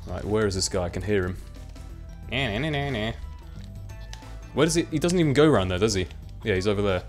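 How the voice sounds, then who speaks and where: A young man comments on a video game as he plays, chatty and self-mocking. His voice sits fairly low, and soft game music plays underneath. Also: lively intonation, racing. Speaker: let's play commentator. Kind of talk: casual gameplay commentary.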